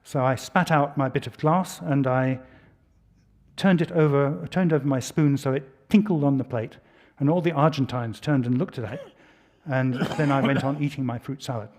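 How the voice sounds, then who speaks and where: A middle-aged man from Britain speaks at a public lecture at an ordinary, mid-range pitch. He spins a long story, breaks off for dry asides, and restarts his sentences as he goes. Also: normal speed, a little mellow. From United Kingdom.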